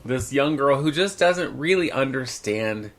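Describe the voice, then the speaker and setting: A man's voice: mid-range voice, expressive, a little slow, fairly bright tone. A man co-hosting a casual podcast, blunt and wry with joking asides. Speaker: podcast co-host. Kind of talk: casual chat.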